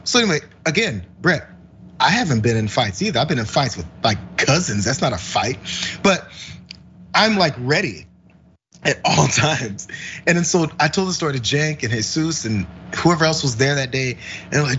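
A man's voice: a little high, moderate pace, lo-fi sound, slight background noise. A man co-hosting a podcast, telling a story in casual chat and acting out the lines of the people in it. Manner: animated, acts out dialogue, laughs while telling stories. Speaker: podcast co-host.

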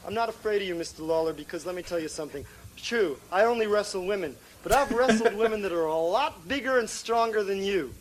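High-pitched man taunting. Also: quick pace, rough recording. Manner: mocking, taunting. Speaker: archive wrestling promo clip. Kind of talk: taunting wrestling promo.

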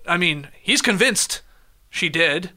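A man's voice: sits high, lively intonation, bright, forceful tone. A man hosting a podcast, casually recapping a show episode in order and filling gaps with frequent "uh"s. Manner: lays out events in quick order with many "uh" fillers.

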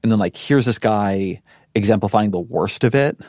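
Thoughtful low-voiced man, dry sound. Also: a little mellow, no echo. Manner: thoughtful, measured, frequent restarts. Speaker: podcast guest. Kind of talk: conversational interview.

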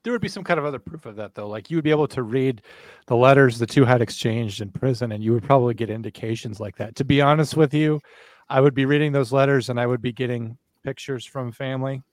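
A man's voice: medium pitch, quick pace, a little mellow, no room sound. A man co-hosting a true crime podcast, musing at length in casual talk with frequent restarts. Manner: thoughtful, rambling with restarts. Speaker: podcast co-host.

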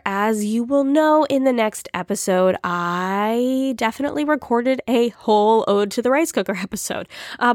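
Chatty woman podcaster, mid pitch, early morning voice, dry close mic. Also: no room sound. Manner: chatty, upbeat, with small laughs and fillers. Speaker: podcast host. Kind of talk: casual solo podcast talk.

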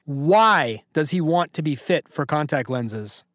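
A man's voice: a little high, expressive, a little slow, fairly bright tone, no room sound. A man hosting a podcast trivia quiz, reading questions to callers and hyping them up with playful banter. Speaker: podcast host and quizmaster.

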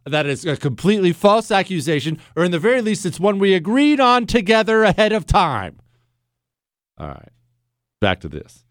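A man's voice: a little high, no echo, studio quality. A man hosting a talk radio show, telling stories in a blunt, sardonic monologue. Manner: animated storytelling, blunt and sardonic.

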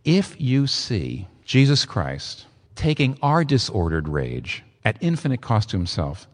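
Lively man preaching in a reverberant hall. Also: a little slow. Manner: lively, emphatic preaching with sudden pitch leaps. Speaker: pastor. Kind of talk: sermon.

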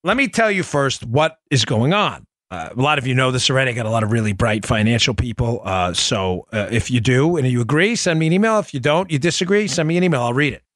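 A man hosting a radio talk show, animated and jokey, with quick asides to his producer. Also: mid-range voice, dry recording. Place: home studio in Florida.

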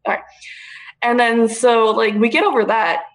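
A young woman in casual chat, telling a story in an animated way, swearing freely and calling her listeners dude and bro. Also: on the high side, normal speed, low-quality recording.

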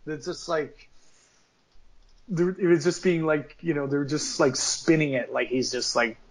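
A man chats casually on a podcast, rambling and restarting his sentences with many fillers. His voice sits a little higher than most men's. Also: fairly even intonation, a little slow. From United States. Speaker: podcast co-host. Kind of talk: casual chat.

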